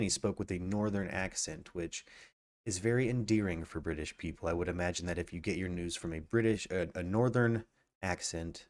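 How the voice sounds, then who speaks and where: Deep-voiced man hosting a casual stream. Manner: reads facts aloud then riffs casually, greets chat viewers, many restarts. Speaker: podcast host. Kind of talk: live-streamed true crime chat, reading and commenting.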